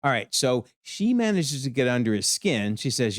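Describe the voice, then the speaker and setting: Male video commentator, mid pitch, very expressive delivery, dry close mic, for an episode breakdown. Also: moderate pace, no echo. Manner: animated, exclaiming.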